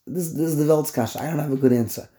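Animated man teaching a Torah class. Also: fairly high pitch, very fast. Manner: mixes Yiddish and Hebrew terms into English, stammering restarts, incredulous outbursts.

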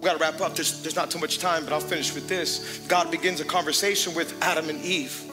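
A middle-aged man preaching a sermon as pastor, emphatic and energetic, calling out to the congregation. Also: a little high, quick pace. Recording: long hall reverb with music underneath.

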